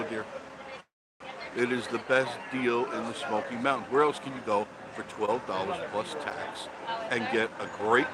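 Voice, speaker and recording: A man's voice: mid-range voice, background noise. An older man hosting a casual live stream outdoors on his phone, greeting viewers by name as he chats. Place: outdoors by a roadside attraction. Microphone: phone held for a live stream.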